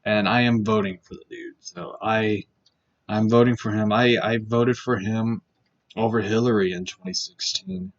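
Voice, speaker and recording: A man's voice: on the low side, normal speed, muffled recording. A man vlogging in a casual political rant, blunt and profane, circling back with fillers and repeated points.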